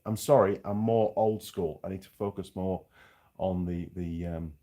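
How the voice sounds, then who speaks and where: A man's voice: deep voice, steady tone, moderate pace, warm tone. A middle-aged man from Yorkshire with a faded Yorkshire accent, a mechanic chatting casually and frankly to viewers on a livestream, with rambling asides. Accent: faded Yorkshire English. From Yorkshire, England. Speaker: mechanic and channel host.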